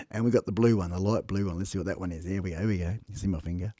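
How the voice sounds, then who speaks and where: A man's voice: low-pitched, fast talker, noisy background. An Australian man chatting casually on a live stream, jokey and laughing often, talking to his chat viewers close to his microphone at home. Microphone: close desk microphone. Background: faint music.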